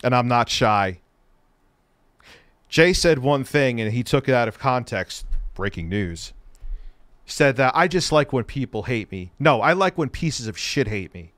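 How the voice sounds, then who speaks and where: A man hosting a livestream, ranting angrily with lots of profanity and sudden bursts of shouting, and he says he is stoned. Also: medium pitch, expressive, unhurried, no echo. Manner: profane, angry, shouting at times. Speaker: livestream host. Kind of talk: heated livestream rant.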